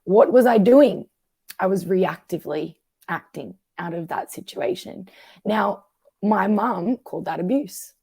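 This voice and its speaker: A woman's voice: mid-range voice, a little slow, creaky, breathy edge, dry recording. A woman therapist in a conversational podcast, explaining patterns and acting out what people say. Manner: acts out quoted voices, animated.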